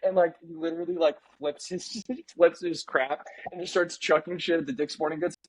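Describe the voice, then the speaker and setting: A man co-hosting a casual sports podcast, ranting in an animated way and slipping into mock impressions. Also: on the high side, a little fast, slightly rough, rough recording. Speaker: podcast co-host.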